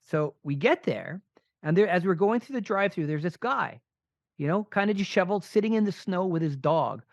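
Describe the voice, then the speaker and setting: A middle-aged man co-hosts a podcast and tells an animated personal story, eager and warm in his delivery. His voice sits fairly high. The sound is dry and dull, with a lo-fi edge. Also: brisk, dry recording. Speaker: podcast co-host. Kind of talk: casual chat and storytelling.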